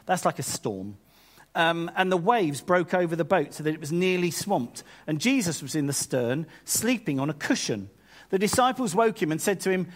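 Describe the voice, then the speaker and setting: A man preaching a sermon, acting out the voices in the scripture he reads with sudden high bursts. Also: expressive, normal speed.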